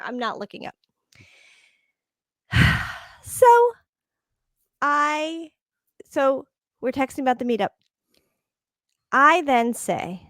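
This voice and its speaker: A woman's voice: high-pitched, dry recording, studio quality. A woman co-hosting a casual podcast chat, telling a story animatedly and laughing often. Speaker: podcast co-host.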